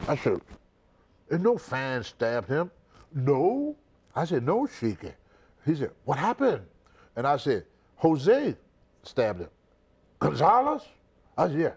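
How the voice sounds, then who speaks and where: A man's voice: a little high, unhurried, long pauses, husky. An older man, a retired wrestler recounting a story in a shoot interview, repeating words and acting out the people in it. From United States. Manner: animated storyteller, repeats words, acts out others.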